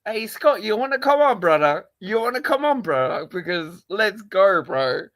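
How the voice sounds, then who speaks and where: A man's voice: high voice, big pitch swings, moderate pace, fairly bright tone, no echo. A man with a London accent ranting on a casual livestream, exasperated and repetitive, swearing often. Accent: London English. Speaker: live streamer, football fan.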